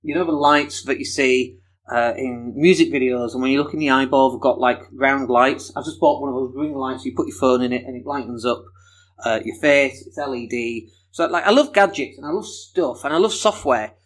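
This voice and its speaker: Chatty podcast host. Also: male voice, mid-range voice, moderate pace. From Leeds, England. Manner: chatty, enthusiastic, self-deprecating, laughs often. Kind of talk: casual solo podcast monologue.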